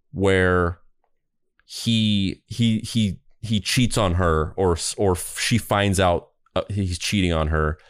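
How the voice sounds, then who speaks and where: A man's voice: low voice, no room sound, clean studio sound. A man co-hosting a podcast in a rambling, casual discussion with frequent restarts. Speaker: podcast co-host.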